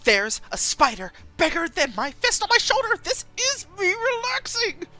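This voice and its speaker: A woman voicing an excitable young female castaway while reading a story game aloud, squealing high when alarmed. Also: moderate pace, soft background music, full character voice. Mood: panicked.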